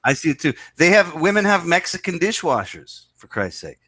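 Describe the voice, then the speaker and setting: A man's voice: a little high, sing-song, brisk, pushed and bright, breathy edge, no echo. A man in a casual chat, explaining his views at length and repeating himself. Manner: lecturing, repetitive explaining. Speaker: podcast co-host.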